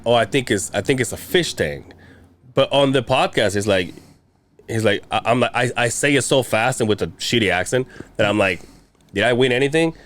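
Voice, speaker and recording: A man's voice: fairly low pitch, fairly bright tone, a little hiss or hum. A man co-hosting a podcast, talking in crude, rambling casual chat with many restarts. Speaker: podcast co-host.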